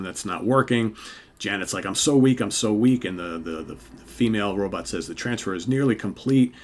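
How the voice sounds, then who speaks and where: Deep-voiced older man recapping comics. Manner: relaxed, chatty, loosely reads out dialogue. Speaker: host. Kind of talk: casual comic book recap.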